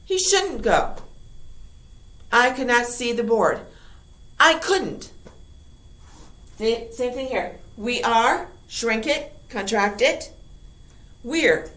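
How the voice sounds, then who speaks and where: Lively woman teaching in an echoey room. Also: fairly high pitch, very slow, pauses often. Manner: lively, playful, repeats key words. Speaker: high school English teacher. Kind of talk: recorded online grammar lesson.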